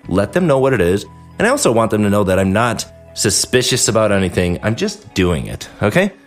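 A man hosting a podcast, talking casually and acting out quotes from patients and staff as he explains how a dental office runs. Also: on the low side. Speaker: podcast host, dentist. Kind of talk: casual instructional talk.

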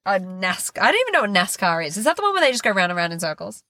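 A woman's voice: medium pitch, big pitch swings, very fast, bright, forceful tone, no echo, clean studio sound. A woman co-hosting a podcast, chatting casually and self-deprecatingly while recapping a book. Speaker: podcast co-host. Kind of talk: casual book-review chat.

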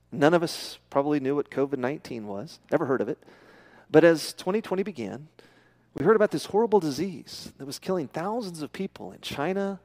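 A man's voice: mid-range voice, darkish tone. A middle-aged American man preaching a sermon to his church, talking casually and often putting questions to the congregation. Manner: conversational, asks the congregation questions. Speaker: pastor.

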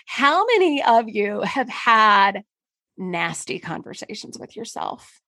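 A woman's voice: mid-range voice, sing-song, slow, pushed and bright, no room sound. A middle-aged woman hosting a casual solo podcast, talking candidly and emphatically, with mild swearing. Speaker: podcast host and marketing consultant.

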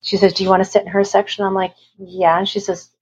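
A woman's voice: mid-range voice, flat delivery, fast talker, a little mellow, husky. A middle-aged woman, an interview guest, tells a personal story in a rambling way and acts out the voices of the people she quotes. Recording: dull lo-fi recording.

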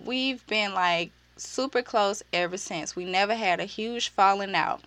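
A young woman telling a story in a casual vlog, animated and sassy, full of slang and profanity, jumping into high voices when she quotes people. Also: a little slow, no room sound. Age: young adult. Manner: uses slang and profanity freely.

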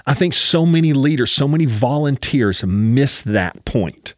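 A man's voice: medium pitch, lively intonation, a little slow, dry recording, clean studio sound. Emphatic man preaching a personal story. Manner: emphatic, keeps urging listeners to listen. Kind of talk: sermon storytelling.

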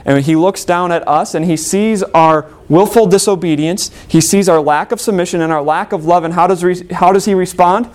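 A man's voice: sits high, normal speed, few pauses. Earnest male preacher delivering a sermon. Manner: earnest, rising emphatically and dropping soft for quoted prayers. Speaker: pastor.

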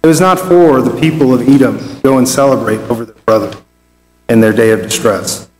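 A man preaches a Bible study at an even middle pitch, talking it through conversationally and reading scripture aloud. His voice rings out into a roomy space with a long hall reverb trailing behind each phrase. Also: a little fast.

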